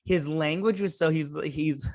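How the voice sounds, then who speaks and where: A man's voice: fairly high pitch, measured pace, darkish tone, dry recording, clean studio sound. A man hosting a TV review channel, recapping an episode in a casual, rambling way, with lots of fillers and restarts.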